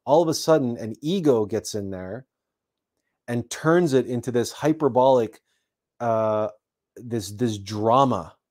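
A man from Canada recounting a childhood story in a reflective talk, halting often and repeating words with many fillers. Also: medium pitch, a little mellow. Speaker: host.

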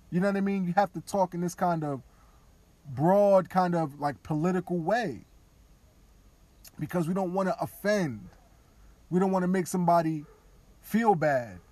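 A man podcasting, talking candidly and casually, now and then dropping into quiet mock voices of others. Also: high voice, normal speed, long pauses, no room sound. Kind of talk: casual opinion talk.

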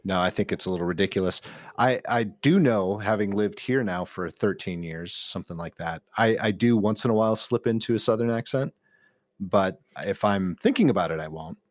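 A middle-aged man co-hosting a casual podcast, his voice sitting on the low side. He talks in an easygoing, self-deprecating way, often restarting his sentences. The sound is close and dry. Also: a little fast, dry recording. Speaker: podcast co-host. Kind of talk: casual chat.

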